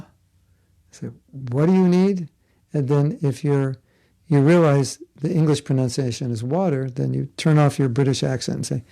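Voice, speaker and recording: Gravelly-voiced man giving a relaxed spiritual class. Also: medium pitch, normal speed. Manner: conversational, storytelling with asides and jokes. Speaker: spiritual teacher. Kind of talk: devotional class talk. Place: Florida.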